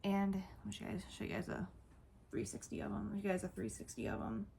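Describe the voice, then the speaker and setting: Gushing woman with a gravelly voice. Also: medium pitch, fast talker, slight background noise. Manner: gushing, excitable, repeats herself. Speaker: vlogger. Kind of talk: casual toy show-and-tell.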